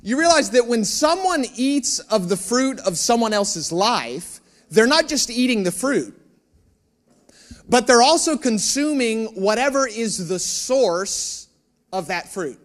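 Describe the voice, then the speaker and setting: A man's voice: very high voice, slow. A man preaching a sermon, telling a personal story and acting out the dialogue with humor, asking the audience questions. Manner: animated storyteller, acts out dialogue; joking, addresses audience with questions.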